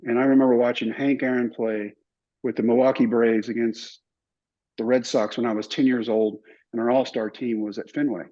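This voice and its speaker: An older man telling stories in an interview, animated and acting out other people's lines. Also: mid-range voice, normal speed. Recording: somewhat dull, muffled recording.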